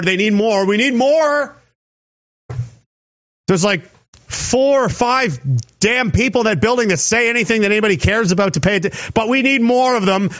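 A Canadian man with a high-pitched, slightly bright voice delivers an angry political commentary. He rants sarcastically and mocks people's voices, and the lo-fi recording sounds dull.

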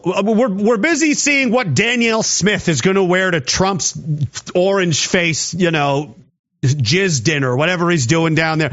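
A man's voice: on the high side, measured pace, a bit bright. A man from Canada ranting sarcastically about politics in an angry commentary. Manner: ranting, sarcastic, mocking voices. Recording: dull lo-fi audio.

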